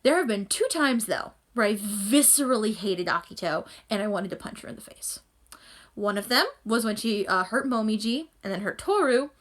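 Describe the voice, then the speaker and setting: A woman's voice: mid-range voice, expressive, moderate pace, a bit bright. A woman rambling enthusiastically as she reacts to an anime episode in a casual vlog, recorded on a phone at home. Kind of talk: casual chat.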